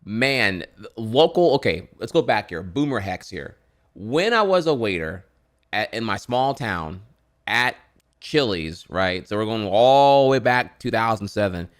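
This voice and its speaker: A man's voice: fairly low pitch, very animated, a little slow. A man in his thirties with a Louisiana accent, rambling and swearing while chatting on stream. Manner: profane, rambling, many restarts. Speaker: streamer reacting to videos. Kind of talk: casual rambling chat.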